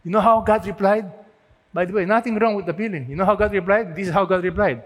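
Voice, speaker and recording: A man's voice: high-pitched, fast talker. A man preaching a sermon earnestly, asking rhetorical questions and building to emphatic peaks. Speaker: pastor. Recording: long hall reverb.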